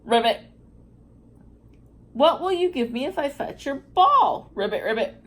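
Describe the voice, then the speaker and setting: A male frog, pleading and persistent, who drops "ribbit" between his phrases, as a woman reading a storybook puts him on. His voice is a little louder than the reader's own, with a lively swinging pitch. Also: measured pace. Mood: coaxing.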